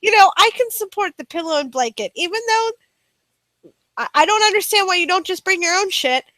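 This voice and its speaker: Podcast co-host, woman; very high, lively delivery, giggly profane rants. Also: fairly quick, no room sound. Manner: giggly, profane, exasperated ranting. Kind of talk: casual comedic chat.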